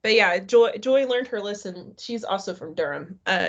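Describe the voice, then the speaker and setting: A woman's voice: mid-range voice, animated, moderate pace, lo-fi sound. A middle-aged woman teaching a live online history class, talking casually and asking her students questions. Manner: conversational, asks the class questions.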